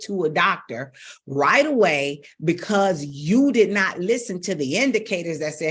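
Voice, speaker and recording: A middle-aged woman coaches her viewers on the voice in an emphatic, direct way. Her tone is husky and a little breathy. She stresses her points by jumping sharply higher in pitch. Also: big pitch swings, normal speed. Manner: emphatic, addresses audience directly with big pitch leaps. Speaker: vocal coach. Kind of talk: coaching talk to camera.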